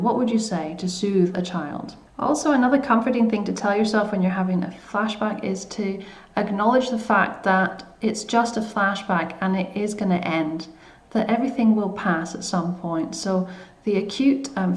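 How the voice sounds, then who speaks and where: A woman talks viewers through coping advice in a soft, unhurried, hesitant way, often pausing on fillers and restarting her sentences. Her voice sits at an ordinary middle pitch. The sound carries a noticeable room echo. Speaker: coach. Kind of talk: self-help video talk.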